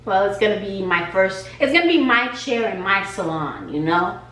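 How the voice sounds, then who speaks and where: Animated woman telling a story, roomy sound. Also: mid-range voice, normal speed, distant mic. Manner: animated, acts out conversations. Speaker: hair stylist and vlogger. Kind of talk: casual storytime. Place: home garage studio. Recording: roomy echo, faint hum.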